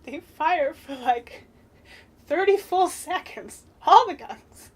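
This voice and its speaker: Gushing, high-voiced young woman vlogger. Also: slow. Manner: gushing, animated, swears casually, bursts into high-pitched squeals. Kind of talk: excited film review vlog.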